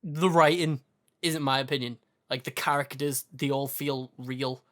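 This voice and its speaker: A young man co-hosting a casual podcast chat, relaxed and chatty, filling his talk with "like" and "you know what I mean". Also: mid-range voice, unhurried. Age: young adult. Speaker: podcast co-host.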